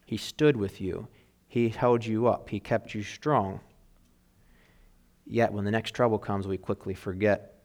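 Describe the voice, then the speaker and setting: A man's voice: fairly low pitch, steady tone, a little slow, pauses often. Earnest male preacher with emphatic swells. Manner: earnest preaching with emphatic rises and quiet drops; reads scripture aloud with added emphasis. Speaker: pastor. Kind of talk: sermon.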